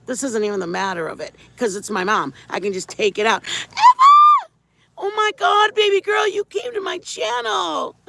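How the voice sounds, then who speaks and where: A woman's voice: fairly high pitch, vocal fry, fairly bright tone. A middle-aged woman hosting a casual livestream, rambling through a story and greeting viewers by name. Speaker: livestream host.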